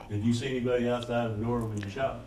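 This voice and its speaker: A male police interviewer asking brief, calm questions at a quick pace. He sounds off-mic in a roomy interview room with a noticeable echo. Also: mid-range voice, soft background music.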